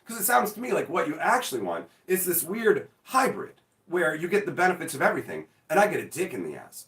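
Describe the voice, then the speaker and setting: Host, male, animated storyteller with a swinging pitch, heard off-mic in a roomy space. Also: brisk, few pauses, recorded from a distance. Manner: animated storyteller, acts out mock dialogue, swears freely. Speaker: show host. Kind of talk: casual chat.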